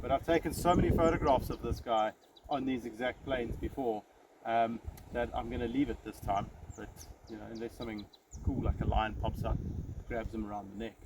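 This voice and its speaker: A brisk, mid-range male voice belongs to a safari ranger who speaks English natively, leading a casual guided nature talk from a vehicle. He comes across as laid-back and talkative, teasing himself and using many fillers. The recording is a noisy outdoor one with steady background noise.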